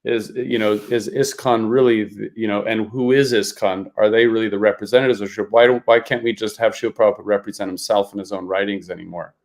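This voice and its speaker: Podcast co-host, male, lowish voice, reflective and hedging. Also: steady tone, fast talker, few pauses. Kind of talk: casual chat.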